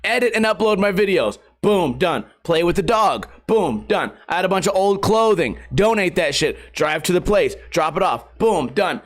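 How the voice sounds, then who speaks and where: A young man hosting a solo podcast, telling rambling, profane stories in a casual, animated way. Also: sits high, normal speed, few pauses. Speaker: podcast host.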